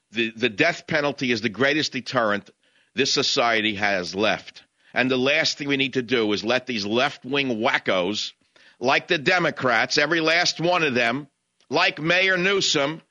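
A man's voice: mid-range voice, bright, forceful tone, dry recording, highs cut off. A man hosting talk radio, ranting angrily and hurling insults at his targets. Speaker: radio talk show host. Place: radio studio.

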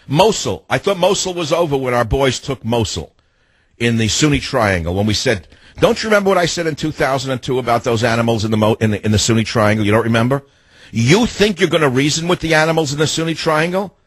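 A man's voice: medium pitch, husky, no echo. A man hosting a talk radio show, telling stories with energy, ranting and acting out what people said. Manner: animated storytelling, ranting, acts out quotes. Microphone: studio microphone.

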